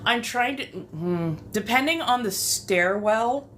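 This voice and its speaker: A woman's voice: a little high, animated, takes it slowly, a bit bright, a little hiss or hum. A young woman with a West Coast accent chatting casually with live-stream viewers, rambling and swearing freely.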